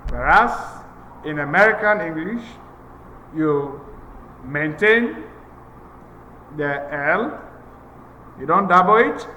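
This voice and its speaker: A man teaching English grammar in a slow, methodical lecture, repeating each point for emphasis. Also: on the high side, bright, forceful tone, a little hiss or hum. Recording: echoey room with long reverb.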